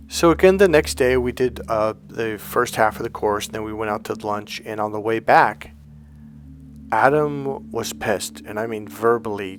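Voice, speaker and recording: A man working as a dating coach, telling a story to the camera, acting out the dialogue and swearing freely along the way. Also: fairly low pitch.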